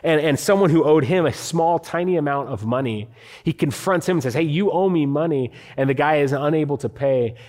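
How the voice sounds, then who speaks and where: A man's voice: on the high side, fairly quick, darkish tone. A man preaching a sermon, reading scripture earnestly and building to emphatic passages. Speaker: pastor. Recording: hall reverb.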